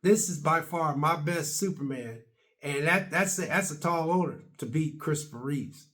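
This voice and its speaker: Casual vlogger, man around sixty, slightly high voice, rambling and chatty. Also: normal speed, fairly bright tone. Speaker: video blogger. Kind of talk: casual rambling opinion vlog.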